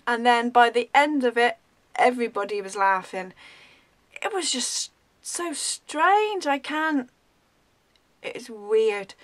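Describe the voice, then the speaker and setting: Chatty woman, higher voice. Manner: rambling, frequent ums, animated. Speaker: vlogger. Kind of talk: casual storytelling.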